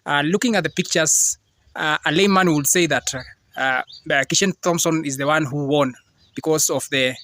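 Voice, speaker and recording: A man comments on a race in a halting manner, filling gaps with "uh". His voice is bright and a little tense, pitched slightly high. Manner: halting, frequent "uh" pauses. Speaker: sports commentator. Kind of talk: casual commentary.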